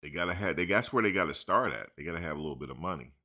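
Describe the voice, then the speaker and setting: Deep-voiced, bright, slangy man riffing. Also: rapid-fire. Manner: loose and animated, peppered with "dude" and slang, laughs often. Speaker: live stream host. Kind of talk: casual live chat commentary.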